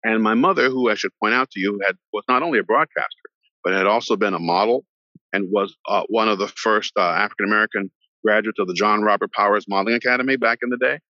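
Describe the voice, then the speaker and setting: A middle-aged man, an actor guest on a podcast, telling a long story in an animated way and acting out the voices of the people in it. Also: on the low side, fast talker, no echo. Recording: dull lo-fi sound, dry.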